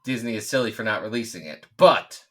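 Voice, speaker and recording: A man's voice: fairly low pitch, expressive, brisk. A man in his thirties co-hosting a podcast in casual chat, jokey and rambling with asides. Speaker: podcast co-host.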